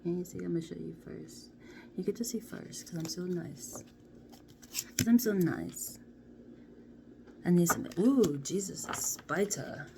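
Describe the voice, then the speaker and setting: Low-voiced woman doing a playful card reading. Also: normal speed, gravelly. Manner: playful, chatty, drifts into soft half-whispers. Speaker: card reader. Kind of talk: casual card-reading vlog. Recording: steady background noise.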